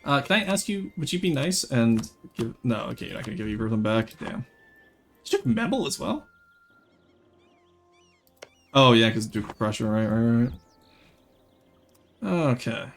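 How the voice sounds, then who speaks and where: A man's voice: mid-range voice, moderate pace, long pauses. A young man from rural Canada, giving live gameplay commentary and chatting with viewers. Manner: lively, chats with viewers while playing. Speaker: streamer.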